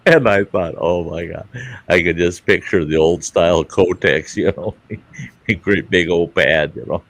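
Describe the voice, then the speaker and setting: A man hosting a laid-back livestream chat, spinning a long, crude anecdote. He swears freely and keeps circling back for laughs. His voice sits very low and sounds dry and close. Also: measured pace, no echo. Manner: rambling anecdotal storytelling with crude humor and swearing. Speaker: livestream host. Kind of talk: casual chat.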